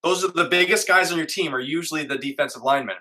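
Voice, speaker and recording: A man's voice: a little high, fast, sharp tone. A middle-aged man, a guest on an interview show, earnestly telling a personal story and acting out his own inner voice.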